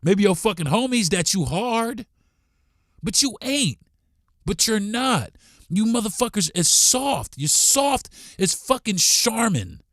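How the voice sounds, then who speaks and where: A man's voice: high-pitched, big pitch swings, takes it slowly, fairly bright tone, dry recording, studio quality. A man hosting a podcast, delivering a blunt, profane, heated monologue. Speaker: podcast host.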